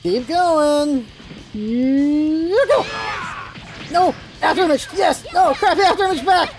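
A gaming video host calling out live gameplay, excitable and shouting, repeating calls and teasing opponents. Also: extremely high pitch, normal speed, music in the background. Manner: teasing, talks to enemy players.

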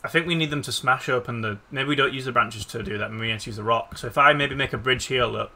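A man's voice: medium pitch, fast talker, pushed and bright. A man co-hosting a podcast, chatting casually while gaming and swearing at mishaps. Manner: sweary, exclamatory. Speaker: podcast co-host.

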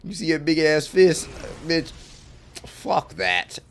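A man casually reacting to an anime episode as he watches. He is excitable and profane, laughs often and talks back at the screen. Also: a little high, slow, creaky, a little hiss or hum.

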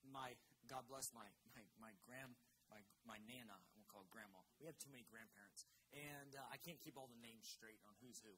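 A young Florida man with a medium-pitched voice preaches in a church sanctuary, speaking fairly quickly over a noisy background. He tells a family story earnestly, restarting again and again, then builds to fervent exhortation as he urges his listeners on.

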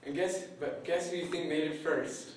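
A man telling a folk tale live to an audience in a playful, animated way, adding sound effects. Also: fairly high pitch, moderate pace, crowd noise. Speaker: storyteller. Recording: echoey room from far off, faint noise.

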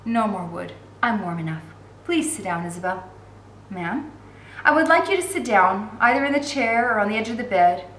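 A woman voicing a frail, sickly elderly noblewoman who speaks softly and gently in a storybook reading. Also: mid-range voice, very animated, moderate pace, echoey room, slight background noise. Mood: gentle.

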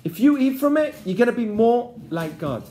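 A man's voice: very high voice, very animated, normal speed, dark tone, a little hiss or hum. A man voicing a tempting male serpent who wheedles and reassures, in an echoey room. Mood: coaxing.

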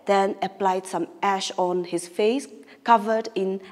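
A woman's voice: mid-range voice, steady tone, takes it slowly, darkish tone. A woman English teacher from Nagaland, India, patiently explaining a story to her class and rephrasing each line. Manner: patient, explanatory, rereads and paraphrases lines. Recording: echoey room with long reverb.

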